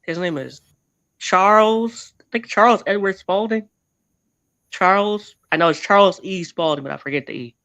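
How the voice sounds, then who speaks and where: A man's voice: high-pitched, moderate pace, sharp tone, dry recording. A man telling his family history as a guest in a casual interview, rambling and often correcting himself mid-sentence.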